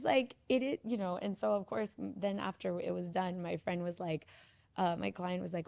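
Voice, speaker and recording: A woman in her thirties, a podcast host, telling a lively anecdote in casual chat and acting out the voices of the people in it. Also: fairly low pitch, normal speed, vocal fry. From grew up in the 1990s. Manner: animated storytelling, acts out quoted voices.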